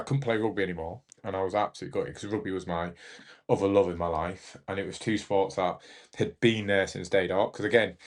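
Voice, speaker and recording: A young man, telling his story as a podcast guest, halting and emotional with many restarts. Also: fairly low pitch. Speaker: podcast guest, Paralympic judo athlete. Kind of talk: candid storytelling in an interview.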